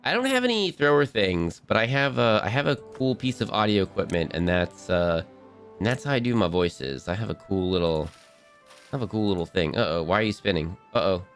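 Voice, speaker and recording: A man's voice: fairly low pitch, animated, brisk, soft background music. A man streaming a game live, chatting casually and bubbly, rambling and restarting his sentences.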